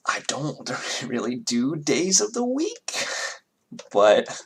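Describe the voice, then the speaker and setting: A man's voice: medium pitch, wildly swooping pitch, slow pace, breathy edge. A man narrating as game master, rambling with many fillers and self-corrections.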